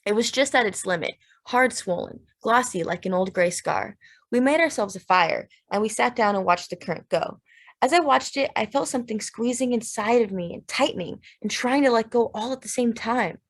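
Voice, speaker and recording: A woman narrating a literary audiobook in a steady, measured, plain way. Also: fairly high pitch.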